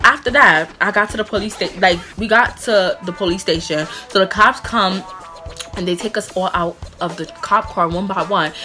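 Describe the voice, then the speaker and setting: Bright high-voiced New woman. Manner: animated, slangy, constant "like" fillers. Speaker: vlogger. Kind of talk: storytime vlog.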